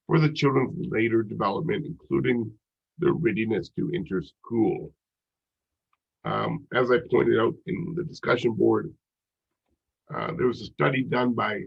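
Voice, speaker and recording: Gravelly, husky male lecturer. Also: fairly low pitch, highs cut off. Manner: conversational, with frequent ums and restarts. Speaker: college psychology instructor. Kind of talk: recorded lecture.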